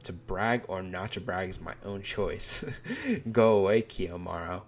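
A man's voice: sits low, slow, a little hiss or hum. A man reading as a boastful little boy demon. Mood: stubborn. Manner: read aloud from a manga, barely acted.

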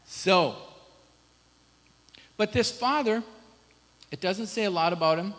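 A man's voice: sits high, takes it slowly, a bit bright. Man preaching in a reverberant church. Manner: conversational preaching with rhetorical questions to the congregation. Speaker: pastor. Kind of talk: sermon. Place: church sanctuary.

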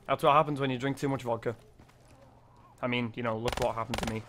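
A young man, giving excitable, sweary gameplay commentary, yelping when startled. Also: mid-range voice, fast, background noise. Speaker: gaming video creator.

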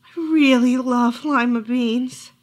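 A woman's voice: on the high side, steady tone, slow, darkish tone. A woman reading aloud and voicing an emphatic little girl in a storybook. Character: little girl, fearful then stubborn.

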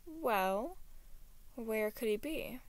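Female reader doing a concerned young guy, soft and slightly high. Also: expressive, drawn-out words, no echo. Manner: quiet, concerned. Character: worried young man.

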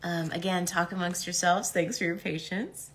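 A woman's voice: on the low side, fairly even intonation, normal speed, slight background noise. A middle-aged woman chatting casually on a live stream while she signs autographs, bubbly, reading comments aloud with lots of ums.

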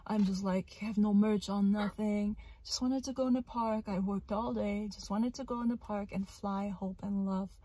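A young woman retells a frightening incident outdoors in a park in a casual vlog. She sounds shaken and emotional and breaks into loud outbursts. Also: mid-range voice, fairly even intonation, moderate pace, hardly any pauses, no room sound. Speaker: parrot vlogger.

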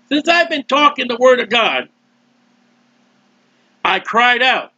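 A man preaching a sermon loudly and emphatically, with mocking asides and sudden swings in his voice. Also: very high voice, sing-song, slow pace, dry recording, highs cut off. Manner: mocking asides and short laughs. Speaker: street preacher.

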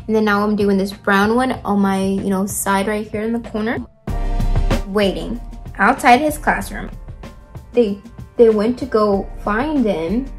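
Young woman chatting a storytime while doing her makeup, rambly, lots of likes and you knows, phone mic, faint music behind. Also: mid-range voice. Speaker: vlogger.

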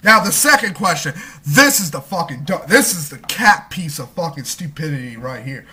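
A young man ranting angrily into his camera, swearing constantly and talking fast, with a husky voice. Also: on the high side, lively intonation, sharp tone. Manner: heavy swearing, fast angry talk. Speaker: vlogger. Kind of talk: angry rant.

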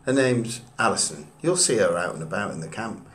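A man reading the lines of a young married father from a small island, quickly and plainly from a script. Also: lowish voice, lively intonation, a bit bright, pitched below the performer's own voice.

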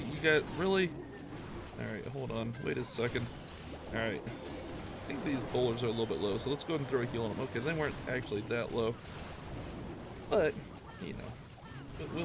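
A mid-pitched man narrates his own gameplay in a loose, rambling way, poking fun at himself between moves. He breaks into excited, higher outbursts when things go wrong. A steady background noise runs under his voice the whole time. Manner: chatty, rambling, self-mocking, excitable outbursts. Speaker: gaming YouTuber. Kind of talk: live gameplay commentary.

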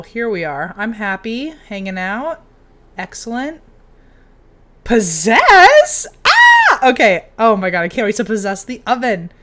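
Animated woman chatting over gameplay. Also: medium pitch. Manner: chatty, reacts with sudden excited outbursts. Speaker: game streamer. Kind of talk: casual gameplay commentary.

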